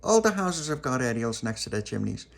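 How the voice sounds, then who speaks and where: A man's voice: mid-range voice, sing-song, brisk, vocal fry. A man voicing a bossy, know-it-all young girl who lectures matter-of-factly. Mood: lecturing.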